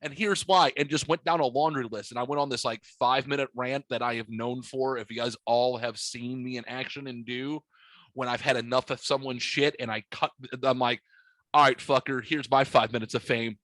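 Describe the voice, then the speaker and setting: A man hosting a podcast, telling a story in a boisterous, profane, animated way. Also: medium pitch, a little fast, no room sound. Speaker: podcast host. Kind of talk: casual storytelling chat. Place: podcast studio.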